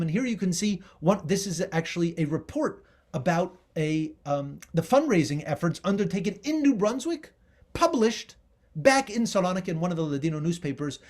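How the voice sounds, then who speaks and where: A middle-aged man giving a public history lecture with slides, emphatic and rising on key words. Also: sits high.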